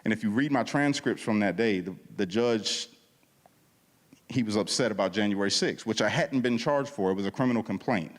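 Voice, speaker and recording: A man's voice: on the low side, moderate pace. A man giving a casual, slangy testimony at a church service, telling his story with lots of animation and acting out the dialogue. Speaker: guest speaker at a church service. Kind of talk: testimony talk. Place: church hall. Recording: long hall reverb.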